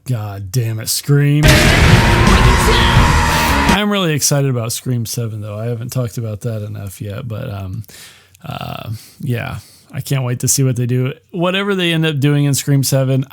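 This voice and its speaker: Male podcast host, profane and jokey, dry close mic, middle-pitched voice. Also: normal speed, a little mellow, no room sound, faint music behind. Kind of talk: casual movie review monologue.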